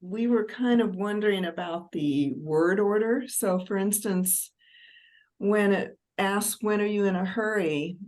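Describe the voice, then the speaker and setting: A woman's voice: medium pitch, unhurried, darkish tone. A woman student asking a hesitant question about word order during a language class. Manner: hesitant, asks careful questions.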